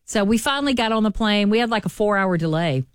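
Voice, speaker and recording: A woman with a Southern accent, hosting a radio show and telling a story in a chatty, animated way. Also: medium pitch, fast talker, clear, resonant tone, dry recording, clean studio sound. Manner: chatty, animated, says y'all. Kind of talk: casual chat, storytelling.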